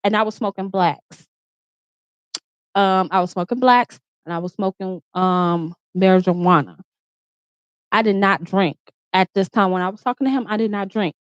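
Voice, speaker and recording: A woman's voice: medium pitch, moderate pace, smooth, no echo. A woman vlogger telling a heated, profane storytime rant from her room, repeating herself as she gets riled up. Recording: dull, slightly muffled sound.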